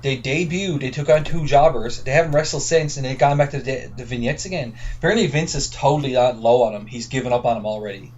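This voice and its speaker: A man's voice: medium pitch, fast talker, hardly any pauses, a little mellow. A man with a Newfoundland accent co-hosting a podcast over the phone from a remote work camp, wry and gossipy. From Newfoundland, Canada. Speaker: podcast co-host. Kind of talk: casual chat. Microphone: phone line. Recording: dull phone audio with faint noise.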